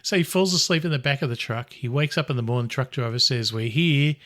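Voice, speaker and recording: A man hosting a podcast, calmly recapping a film's plot scene by scene. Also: medium pitch, fast talker. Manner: relaxed, recaps the plot step by step. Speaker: podcast host. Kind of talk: casual film discussion.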